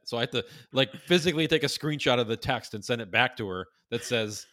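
A man's voice: mid-range voice, fast talker, few pauses, sharp tone. A man telling a story in casual chat, rambling and profane, with many fillers and restarts.

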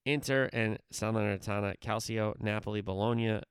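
A man's voice: fairly low pitch, fairly even intonation, normal speed, smooth, dry recording, studio quality. A man hosting a casual sports talk show, chatting through predictions with fillers and rhetorical questions, getting more emphatic as he lays out his picks. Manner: grows louder and more emphatic when giving picks. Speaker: sports podcast host.

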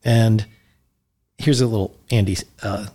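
A man's voice: fairly low pitch, steady tone, unhurried, dark tone. A man hosting a podcast, chatting casually about a film in an enthusiastic, rambling way with frequent restarts. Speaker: podcast host.

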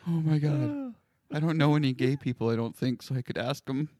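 A man's voice: medium pitch, a little fast, dark tone, no room sound. A young man in crude casual banter, giggling a lot and chiming in with silly questions.

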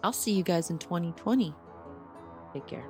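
A woman hosting her own podcast in a casual solo monologue, chatty and enthusiastic, talking straight to her listeners, her voice a little hoarse. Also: fairly low pitch, moderate pace, over music. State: slightly hoarse. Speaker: podcast host. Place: small home studio.

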